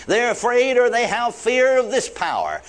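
A man's voice: very high-pitched, huge pitch swings, moderate pace. An older man preaching a sermon, repeating key words with emphatic stress, drawing words out and dropping in praise interjections, in a folksy way of talking.

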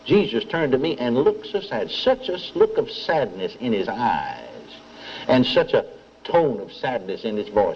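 An older preacher with a Texas drawl tells a story, acting out each voice and asking for amens. His pitch swings widely as he builds. The recording is muffled and old, with a faint hiss underneath. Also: a little slow. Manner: animated storytelling, repeats dialogue, asks audience for amens. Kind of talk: sermon with story.

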